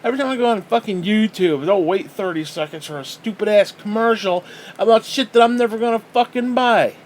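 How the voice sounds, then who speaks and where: A man's voice: high-pitched, brisk, a little hiss or hum. A man hosting a podcast, ranting angrily and bitterly with lots of swearing. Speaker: podcast host. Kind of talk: angry profane rant.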